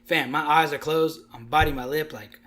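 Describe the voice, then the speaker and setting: A man's voice: on the high side, fairly even intonation, moderate pace, fairly bright tone. A young man co-hosting a podcast, telling a story in casual chat, acting out the quotes and laughing often. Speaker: podcast co-host.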